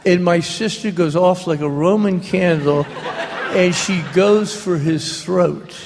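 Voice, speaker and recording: Man, slow deliberate storyteller, gravelly voice, raised pitch, humorous anecdotes, long hall reverb. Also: crowd noise, noisy background. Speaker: author speaking on a book tour. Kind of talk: live storytelling talk. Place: stage before a live audience.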